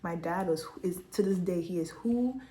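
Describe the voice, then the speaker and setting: Young woman vlogger from Quebec, slightly low voice, candid heartfelt testimony at a home laptop. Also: normal speed, dark tone. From Quebec, Canada. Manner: candid, heartfelt, chatty, often laughing. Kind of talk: personal testimony vlog.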